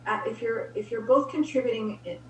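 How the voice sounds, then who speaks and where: A woman's voice: a little high, fairly quick, dull audio. A woman giving upbeat, practical relationship advice in a casual chat, laughing often. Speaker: guest relationship advisor. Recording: roomy, distant mic with faint hum.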